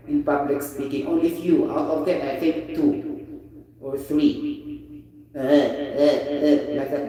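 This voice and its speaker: A Filipino man with a Filipino accent teaching an English vocabulary lesson, animated and often asking "you get the point?". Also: fairly high pitch. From Philippines. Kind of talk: informal online vocabulary lesson. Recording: very echoey room, voice distant from the mic.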